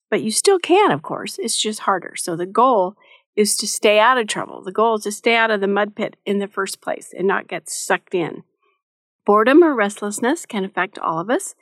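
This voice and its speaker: A woman's voice: mid-range voice, no echo, studio quality. Middle-aged woman giving a motherly devotional talk. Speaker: Christian devotional speaker.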